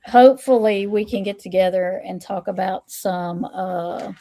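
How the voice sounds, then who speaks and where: A woman hosting a casual livestream chat, who repeats her phrases, greets viewers and reads out their comments. She is still a little hoarse. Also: medium pitch, measured pace, dark tone. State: recovering from hoarseness. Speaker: stream host and tarot reader.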